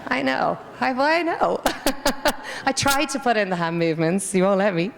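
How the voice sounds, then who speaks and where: A woman's voice: medium pitch, animated, moderate pace, gravelly, in a large hall, very noisy. An Irish woman in her forties, chatting through rambling anecdotes in a casual interview. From Ireland. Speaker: interviewee, former stage dancer.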